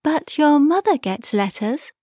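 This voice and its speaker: A courteous, motherly little girl talks in a bright, raised voice, played by a woman reading an audiobook. She speaks slowly and a touch patronizingly, like a small hostess. The sound is close and dry. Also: high voice, expressive, dry recording, voice pushed up. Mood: gentle. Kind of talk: audiobook character voice.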